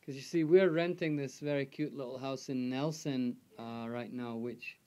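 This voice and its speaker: A man's voice: medium pitch, fairly even intonation, normal speed, darkish tone. A man filming and chatting with his host in her home, eager and talkative. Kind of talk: home video conversation. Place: in a home, indoors.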